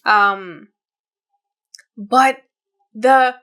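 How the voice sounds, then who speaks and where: A woman's voice: on the high side, very slow, pushed and bright. A woman in her late twenties, co-hosting a podcast and retelling a story in casual chat, with many fillers and quoted voices. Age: 20s. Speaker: podcast co-host.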